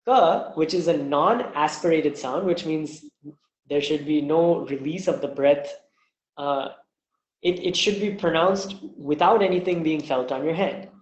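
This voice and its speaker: A man teaching an online language lesson, patiently demonstrating each sound slowly. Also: on the high side, echoey room, poor audio. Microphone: webinar mic.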